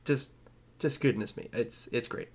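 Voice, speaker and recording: A man's voice: medium pitch, unhurried, slightly rough. A young man co-hosting a casual film podcast, dry and sarcastic, often sighing. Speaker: podcast co-host. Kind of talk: casual movie chat.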